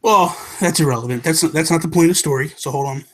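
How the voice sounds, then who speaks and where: American guy on a podcast, slightly high voice, acts out everyone in his story. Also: quick pace, a bit bright. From United States. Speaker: podcast co-host. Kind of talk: casual chat, telling a story.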